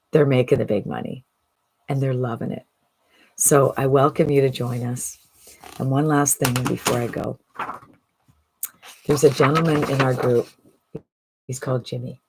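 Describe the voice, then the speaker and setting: A woman's voice: very deep voice, creaky, a little mellow, breathy edge. A woman coaching online marketing in a motivational vlog, keen and full of rhetorical questions. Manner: enthusiastic, rhetorical questions, pep talk.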